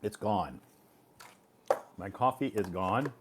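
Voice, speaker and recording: A man's voice: lowish voice, takes it slowly, background noise. An American man hosting a casual live stream, talking in a rambling way with many fillers. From United States. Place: home in Beijing.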